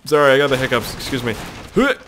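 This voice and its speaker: Excitable, crude-talking game commentator. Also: male voice, mid-range voice, quick pace, slight background noise. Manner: excitable, crude, swearing a lot, joking to himself. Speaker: gaming video host. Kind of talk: let's play commentary.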